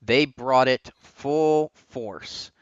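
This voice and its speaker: An opinionated man talks through his takes in a loose, rambling podcast chat, often restarting his sentences. His voice is mid-pitched and comes through a muffled, lo-fi recording. The sound is dry and close, with no room around it. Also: very slow, clean tone, no room sound. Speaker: podcast co-host. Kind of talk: casual wrestling chat.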